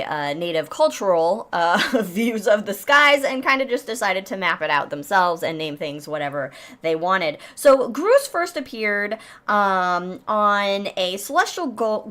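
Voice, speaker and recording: A woman's voice: medium pitch, fairly bright tone. A woman co-hosting a podcast, chatting casually and jokingly about astronomy, with lots of fillers and restarts. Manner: rambling, jokey, many fillers and restarts. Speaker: podcast co-host.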